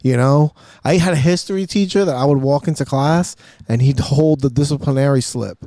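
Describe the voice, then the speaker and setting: A man's voice: mid-range voice, fairly quick, mellow, no room sound. A man hosting a podcast, telling school stories in loose, profane casual chat in a studio. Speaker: podcast host.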